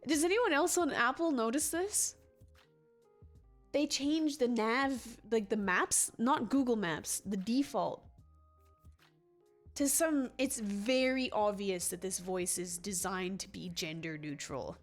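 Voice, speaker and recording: A woman's voice: fairly high pitch, slow pace, faint music behind. A woman livestreaming a game in a casual, rambling way, reading and answering chat with frequent restarts and laughs.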